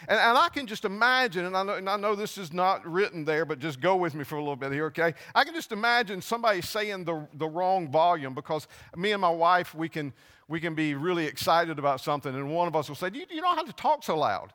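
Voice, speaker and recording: Animated preacher in an echoey hall. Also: male voice, fairly high pitch. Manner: animated storytelling, acting out scripture voices, halting restarts. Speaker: pastor. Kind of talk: sermon. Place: church.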